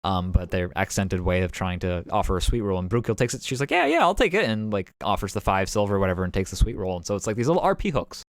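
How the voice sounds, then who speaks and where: A man's voice: sits low, fast talker, hardly any pauses, no echo, clean studio sound. A man talking casually as game master, recapping a tabletop session in a rambling way full of fillers and restarts. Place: home streaming setup.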